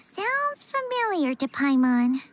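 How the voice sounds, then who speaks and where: A woman voicing a tiny, excitable female companion creature in a video game, who talks about herself in the third person. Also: very high voice, slow pace, noisy background, full character voice. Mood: excited. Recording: game audio with music behind.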